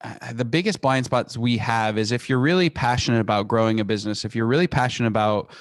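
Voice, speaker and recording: Man, podcast guest, energetic storytelling, mid-pitched voice, dry close sound. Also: no room sound. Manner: energetic, animated storytelling with quick restarts. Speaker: guest, company founder. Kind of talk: podcast interview.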